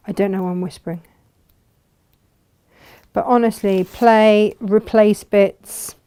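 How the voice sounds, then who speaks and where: A woman's voice: medium pitch, fairly even intonation, slow, long pauses, dark tone, clear, resonant tone. A woman hosting a live textile craft demonstration, chatting and thinking aloud as she works.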